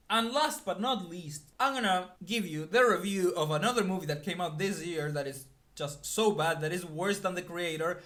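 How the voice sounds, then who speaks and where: A man with a fairly high-pitched voice delivers a casual movie review. He rants with emphasis and keeps punching his points with a quick "okay?". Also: sharp tone. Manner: emphatic and ranting, often tags "okay?".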